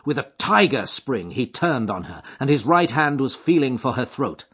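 A man's voice: medium pitch, normal speed, husky. A man reading a novel aloud as scripted narration, telling it dramatically, on a dull lo-fi recording. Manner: dramatic, expressive storytelling. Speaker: audiobook narrator.

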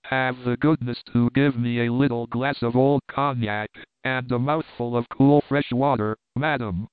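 A man's voice: medium pitch, steady tone, a little slow, no room sound, close to an everyday voice. A man reading as an oily, sinister spy. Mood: ingratiating. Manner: smooth, ingratiating, fishing for confidences. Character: oily, sinister male spy, falsely gallant. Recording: tinny phone-like audio.

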